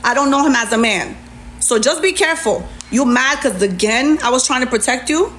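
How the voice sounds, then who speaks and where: A woman's voice: sits high, expressive, brisk, fairly bright tone, a little hiss or hum. A middle-aged woman ranting sarcastically on a live stream, reading messages aloud and answering them with indignation. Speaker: livestreamer. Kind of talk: heated TikTok live rant.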